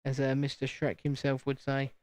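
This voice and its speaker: A man's voice: medium pitch, completely flat delivery, normal speed, no echo. A British man hosting a casual live stream from home, chatting and joking at his own expense while building. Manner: chatty, joking, self-deprecating. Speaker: channel host.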